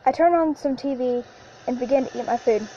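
A woman narrating a first-person horror story in a halting way, with frequent restarts and repeated lines. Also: sits high, mellow, a little hiss or hum. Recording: lo-fi with faint background music.

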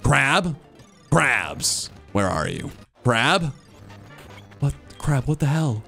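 A man streaming a video game live, chatting with his viewers and breaking into loud, frustrated outbursts. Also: medium pitch, very animated, very slow, vocal fry, faint music behind. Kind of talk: live gameplay commentary.

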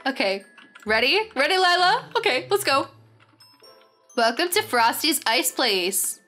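A young woman hosting a game tour, gushing with excitement and saying "very, very" over and over as she chats casually. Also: sits high, unhurried. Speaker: gaming channel host. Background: faint background music.

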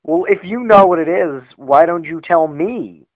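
A man on a prank phone call, posing as a slow-speaking, touchy customer who stammers and halts. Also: a little high, no echo. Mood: insistent. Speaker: prank caller. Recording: tinny dry phone line.

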